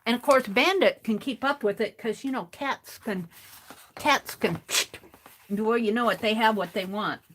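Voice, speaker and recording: A woman's voice: a little high, normal speed, fairly bright tone, slight background noise. A woman hosting a craft stream, telling a rambling, chatty story in a casual way and often restarting her phrases.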